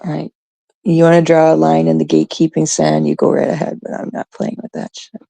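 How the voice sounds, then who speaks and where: A woman's voice: low-pitched, completely flat delivery, brisk, vocal fry, mellow, no room sound. A woman hosting a casual livestream, ranting in a profane, sarcastic way and greeting viewers in chat. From Canada. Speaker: livestream host.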